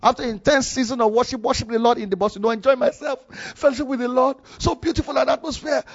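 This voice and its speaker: A man's voice: very high voice, steady tone, fast, hardly any pauses, dry recording, highs cut off. A man with a Nigerian accent preaching a sermon, telling a personal story with many repeats and restarts for emphasis.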